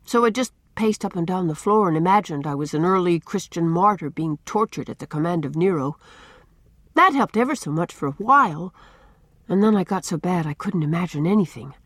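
A woman's voice: fairly low pitch, lively intonation, fairly quick, no room sound. A woman voicing a sensitive, dreamy young boy who hates pain, earnest and pleading.

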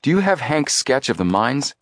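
A man reading the part of an eager, excitable teenage boy detective in a storybook. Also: medium pitch, moderate pace, slight background noise, voice pushed up, lightly acted. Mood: calm.

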